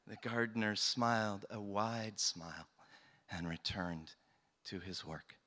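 A man telling a folk tale in a slow, deliberate and expressive way. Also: on the low side. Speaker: storyteller. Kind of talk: oral folk-tale storytelling.

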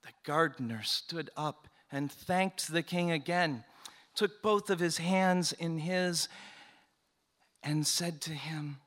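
A man telling a folk tale in a slow, deliberate and expressive way. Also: a little high. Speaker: storyteller. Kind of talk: oral folk-tale storytelling.

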